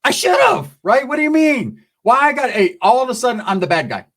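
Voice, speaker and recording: A man's voice: very high voice, very animated, a little fast, a bit bright. A man hosting his channel and telling a wild personal story in casual slang. He laughs often and acts out the people in it.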